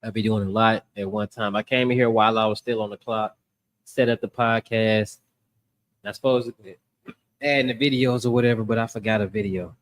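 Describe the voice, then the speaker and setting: Animated man hosting a podcast. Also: fairly low pitch, brisk. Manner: animated storytelling, acts out voices. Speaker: podcast host. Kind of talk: casual podcast chat.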